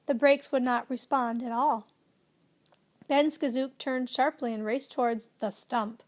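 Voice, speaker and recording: High-voiced woman reading a storybook. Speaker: audiobook narrator. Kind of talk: children's storybook narration.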